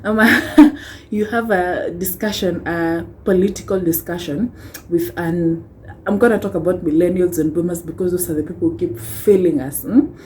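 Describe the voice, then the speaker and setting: A woman's voice: on the low side, normal speed, darkish tone, a little hiss or hum, poor audio. Impassioned young Kenyan woman ranting. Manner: impassioned, rhetorical, tags lines with "hmm?" and wry laughs. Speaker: vlogger. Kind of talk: ranting vlog.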